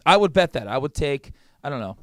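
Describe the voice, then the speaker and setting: A man co-hosting a sports podcast in casual chat, fired up and opinionated, cracking quick jokes. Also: on the high side, big pitch swings, dry recording, studio quality.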